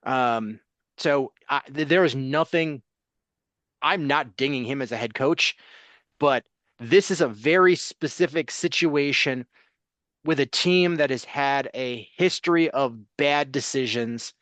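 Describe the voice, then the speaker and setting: A man co-hosting a sports talk podcast, speaking bluntly and casually, listing names in a steady run. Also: medium pitch, measured pace, dry recording.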